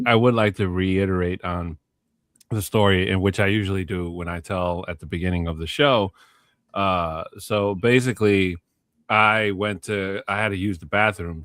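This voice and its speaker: Low-voiced laid-back male storyteller. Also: a bit bright, no room sound, studio quality. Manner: laid-back, laughing storyteller who acts out quotes. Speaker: podcast co-host. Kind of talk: casual storytelling chat. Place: Chicago.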